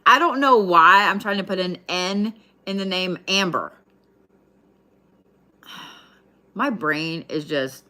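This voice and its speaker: Low-voiced, chatty Oklahoman tarot reader woman. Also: expressive, takes it slowly, pauses often, bright, forceful tone. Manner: casual, chatty, swears freely. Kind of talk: live tarot reading.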